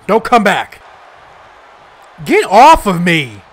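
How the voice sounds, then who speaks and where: Loud, excitable young man shouting at a game. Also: sits high, slow pace. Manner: excitable, frustrated, trash-talking, shouts at the game. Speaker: gaming YouTuber. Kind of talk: live gameplay commentary.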